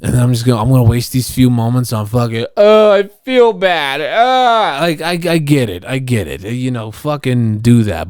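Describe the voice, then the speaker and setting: A man's voice: on the low side, mellow, no echo, studio quality. A young man ranting on his solo podcast in a casual, profane, rambling way, often restarting his sentences. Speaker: podcast host.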